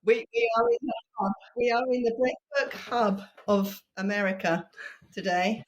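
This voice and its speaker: A woman's voice: mid-range voice, normal speed, lo-fi sound. A woman co-hosting a podcast, chatting casually with brief, agreeable and teasing remarks. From England. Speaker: podcast co-host.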